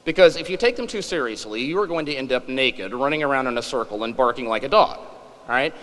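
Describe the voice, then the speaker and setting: A man's voice: medium pitch, expressive, a little fast, a bit bright, long reverb tail, low-quality recording. A man in his forties giving a humorous public lecture, wry and self-deprecating. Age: 40s.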